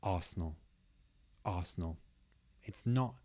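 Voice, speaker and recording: A man teaching English pronunciation, who says each word slowly and carefully and repeats it twice. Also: sits low, a little mellow. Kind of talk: pronunciation lesson.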